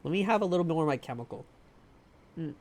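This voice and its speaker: Quick and lively, this man's highish, darkish voice comes through a desk mic with a little hiss or hum. He's live-streaming a game from home, bantering casually with viewers, poking fun at himself, and laughing a lot.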